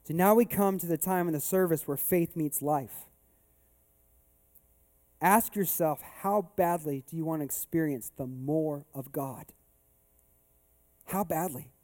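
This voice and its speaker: High, mellow-voiced male pastor preaching. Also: unhurried, pauses often. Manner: conversational storytelling building to emphatic rhetorical questions. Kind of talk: sermon. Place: church service.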